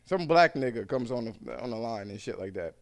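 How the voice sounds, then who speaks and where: A man hosting a podcast, telling animated stories in casual, profane chat. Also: medium pitch, a little fast, vocal fry. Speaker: podcast host.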